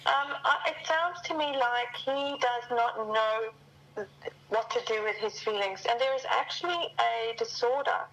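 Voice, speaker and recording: Measured higher-voiced woman counselor. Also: fairly bright tone. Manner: measured, slow and reflective. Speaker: co-host counselor. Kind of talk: calm counseling advice. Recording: dull muffled audio.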